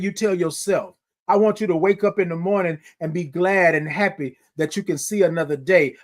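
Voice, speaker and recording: A man hosting a morning livestream in a casual, exuberant way, reading out chat comments and sometimes singing his greetings. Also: high-pitched.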